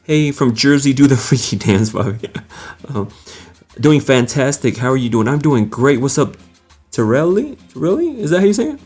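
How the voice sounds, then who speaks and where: A man's voice: mid-range voice, lively intonation, moderate pace, a little mellow, faint music behind. A young man hosting a live stream, casually greeting viewers by name and reading their comments aloud with frequent laughs.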